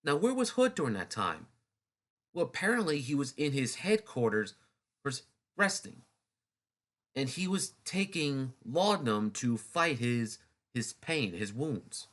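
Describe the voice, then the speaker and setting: Man, casual history narration, mid-pitched voice, restarts, wry asides. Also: sing-song, a little slow, a bit bright. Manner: loose and chatty, with many restarts and snarky asides. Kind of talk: casual unscripted history talk.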